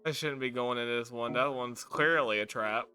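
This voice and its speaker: A man's voice: mid-range voice, normal speed. A man giving let's play commentary on a video game, exasperated and swearing often. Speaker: gaming video creator. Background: game music.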